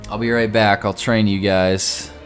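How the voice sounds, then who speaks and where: A man's voice: fairly low pitch, flat delivery, unhurried, faint music behind. A man giving casual, rambling gameplay commentary, full of "like" and sudden exclamations. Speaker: gaming video host.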